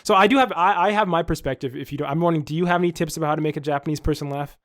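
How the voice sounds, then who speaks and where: A man's voice: a little high, racing, no echo, studio quality. A young man co-hosting a podcast, chatting casually and acting out voices as he tells stories. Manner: animated storyteller, acts out quoted voices. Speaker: podcast co-host. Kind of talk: casual chat.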